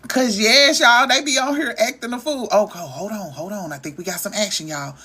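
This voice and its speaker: A woman's voice: medium pitch, a little fast, sharp tone, slightly rough. A woman, hosting a casual livestream and talking straight to her viewers in a chatty, emotional way. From Arkansas. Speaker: livestream host.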